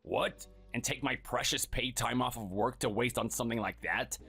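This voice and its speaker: A man's voice: normal speed, gravelly, bright, forceful tone, breathy edge, soft background music, exaggerated voice. A man playing a scornful, bossy husband who belittles his spouse, in a dramatized story. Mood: contemptuous. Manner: sneering and dismissive, low and clipped.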